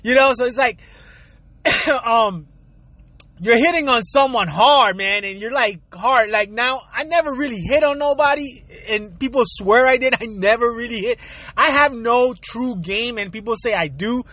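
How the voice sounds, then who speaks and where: High-voiced blunt man ranting. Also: unhurried, pushed and bright, no echo. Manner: blunt, profane, laughing often. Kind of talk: casual rant.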